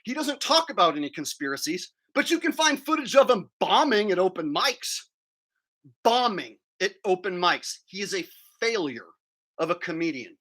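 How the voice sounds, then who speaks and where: This streamer's voice sits high and moves through big pitch swings at a normal speed, with a slightly bright quality. He eats while talking, ranting crudely and picking fights in a profane livestream.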